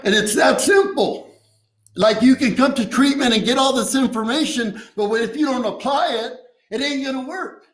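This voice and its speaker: A man's voice: extremely high pitch, normal speed, fairly bright tone, roomy sound, poor audio. A man sharing his recovery story at a meeting, streetwise and profane, tossing in "you know" and "right?". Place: meeting room.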